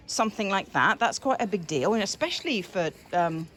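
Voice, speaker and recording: A woman, working as a dog trainer, chatting casually to camera on a walk and praising the dogs in bright sing-song bursts. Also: mid-range voice, animated, a little fast, a crowd in the background. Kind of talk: casual vlog chat while training dogs outdoors. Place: outdoors on a walk.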